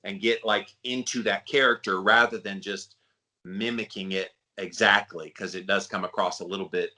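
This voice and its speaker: A man's voice: on the low side, steady tone, moderate pace, bright, forceful tone. A man hosting a podcast, chatting in a friendly, rambling way with his guest. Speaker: podcast host. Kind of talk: casual interview chat.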